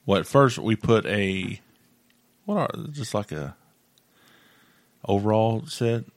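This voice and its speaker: A man's voice: on the low side, lively intonation, slow, dry recording. A man in his thirties co-hosting a casual chat, easygoing and bantering. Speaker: podcast co-host.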